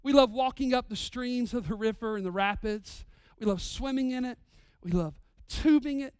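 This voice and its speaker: Smooth-voiced pastor preaching with big swings. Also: male voice, very high voice, normal speed, no room sound, clean studio sound. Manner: dynamic preaching, swinging from loud to hushed. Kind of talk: sermon.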